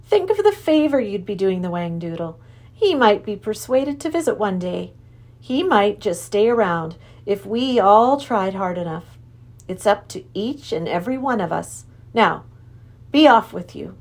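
A kindly old professor, firm and loving, urging the children on in slow, emphatic lines, as a woman reads him aloud. His voice rises and falls a lot as he coaxes them along. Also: lowish voice, lively intonation, vocal fry, full character voice. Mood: firm, affectionate.

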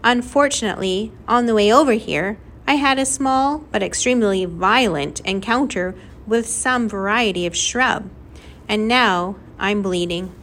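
A woman voicing a small anxious boy with a high, thin voice who talks in a fretful, overly formal way. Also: measured pace, fairly bright tone, slight background noise.

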